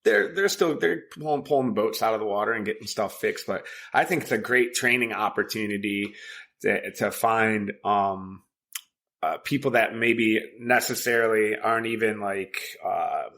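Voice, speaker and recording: A man's voice: fairly low pitch, normal speed, vocal fry, fairly bright tone. A man co-hosting a casual podcast, telling stories in a profane, rambling way with many fillers and bursts of laughter. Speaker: podcast co-host.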